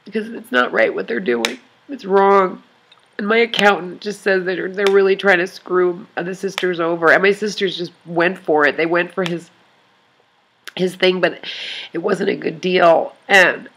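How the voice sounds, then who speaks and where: A woman talking to her online club in an emotional confessional vlog, tearful and crying, rambling and halting with many sighs. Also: lowish voice, a bit bright, a little hiss or hum.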